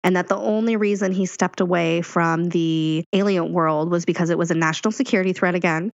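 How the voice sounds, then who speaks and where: A woman with a lowish voice co-hosts a podcast in playful, teasing chat. The recording is dry and a little dull, with no room sound. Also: fairly even intonation, fairly quick, no echo. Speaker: podcast co-host.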